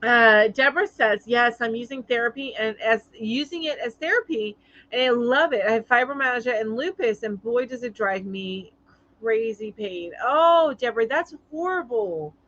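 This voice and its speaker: A woman's voice: a little high, fairly bright tone. Chatty woman on a lo-fi stream. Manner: chatty, sympathetic, halting with many ums. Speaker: live show host. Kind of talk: casual live-stream chat, reading viewer comments aloud.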